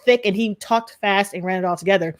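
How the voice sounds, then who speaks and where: Excitable fast-talking woman. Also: mid-range voice. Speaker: co-host. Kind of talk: casual chat.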